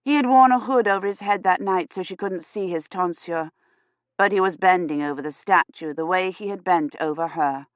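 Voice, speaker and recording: A woman narrating an audiobook in a measured, even storytelling manner. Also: on the low side, dry recording, lo-fi sound. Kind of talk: scripted narration.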